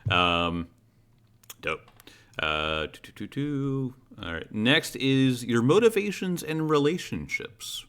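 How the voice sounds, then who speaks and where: A man's voice: medium pitch, animated, slow pace, a bit bright, clear, resonant tone. A man running a tabletop role-playing game as game master, talking with many fillers and restarts. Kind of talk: guiding character creation in a tabletop game.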